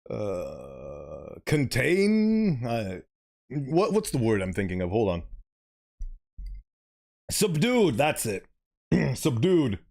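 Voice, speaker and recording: A man's voice: medium pitch, vocal fry, a little mellow. A man streaming a story game, reading it aloud and chatting animatedly, sometimes fumbling for words.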